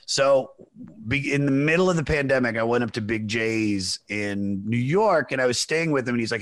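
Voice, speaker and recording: A man's voice: medium pitch, normal speed, a bit bright, dry recording. A man hosting a podcast in loose casual chat, full of swearing and "dude". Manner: loose, profane, says "dude" a lot. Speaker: podcast host.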